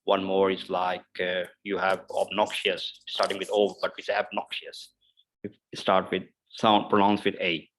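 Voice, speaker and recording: In an online English pronunciation lesson, a man says each example word slowly and repeatedly, with loose fillers between his points. His low voice is completely flat in delivery and a bit bright. The audio is poor, with slight background noise.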